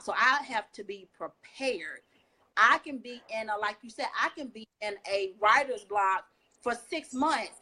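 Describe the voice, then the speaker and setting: A woman hosts a casual online chat, her voice sitting a little high. She talks in a folksy, upbeat way, quick to cheer her guest on. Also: pushed and bright. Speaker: host.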